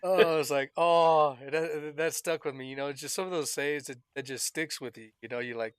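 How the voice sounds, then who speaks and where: A man's voice: a little high, steady tone, fairly quick, smooth, no room sound, studio quality. A man chatting casually while playing a fishing game, telling laid-back, rambling work stories and laughing often into a headset mic. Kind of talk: casual chat while gaming.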